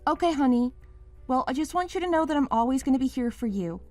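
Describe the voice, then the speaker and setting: A woman's voice: high-pitched, lively intonation, quick pace, warm tone, no echo, soft background music. A woman playing a young wife in a dramatized story, pleading and then accusing her partner.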